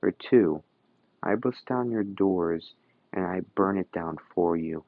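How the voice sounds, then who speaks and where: Cold male arms-dealer boss, a man doing the voice, deliberate threats, low, dull dry storytelling recording. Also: no room sound. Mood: menacing.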